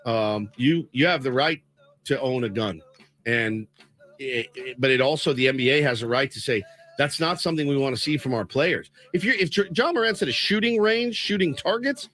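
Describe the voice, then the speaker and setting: A man co-hosting a sports talk radio show, opinionated and animated in his takes. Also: mid-range voice. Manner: animated, opinionated, quick reactions. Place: radio studio.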